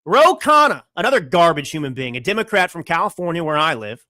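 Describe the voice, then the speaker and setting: A man's voice: on the high side, expressive, quick pace, sharp tone, no echo, clean studio sound. A young adult man hosting his own political show, delivering an indignant, combative monologue full of rhetorical questions. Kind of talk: fiery political commentary monologue. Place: California home studio.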